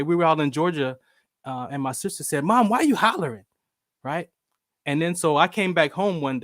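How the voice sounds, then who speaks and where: A man tells his stories in a relaxed interview, animated, slipping into the voices of the people he quotes. His voice sits a little high. The sound is dry and close. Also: no room sound. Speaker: show host, veteran. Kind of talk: casual storytelling interview.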